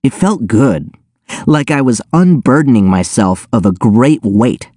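A man narrating an audiobook in the first person with a wry, deadpan delivery. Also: mid-range voice, a little slow, breathy edge, no room sound, clean studio sound.

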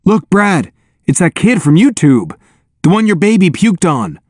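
A man's voice: a little high, very animated, unhurried, a little mellow, no echo, clean studio sound, pitched above the performer's own voice. A man reading an audiobook, voicing a young soldier who jokes and teases. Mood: joking. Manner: joking. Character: teasing young male soldier, admiring.

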